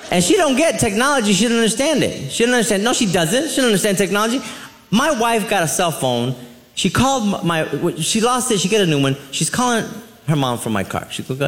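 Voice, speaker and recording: A man doing a stand-up comedy routine, animated and laughing as he acts out his family members. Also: high-pitched, fairly quick. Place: comedy club stage. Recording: live club with audience laughter and crowd noise.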